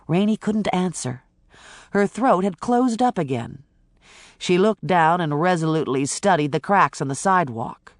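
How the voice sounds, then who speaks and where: A woman reading a mystery audiobook in even, unhurried scripted narration. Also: on the low side, no room sound, clean studio sound.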